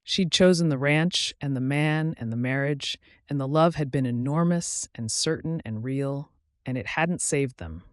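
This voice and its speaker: A man reading a romance audiobook in a calm, measured way, his voice softly dropping at the ends of sentences. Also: medium pitch, no echo, clean studio sound. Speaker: audiobook narrator. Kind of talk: scripted audiobook narration.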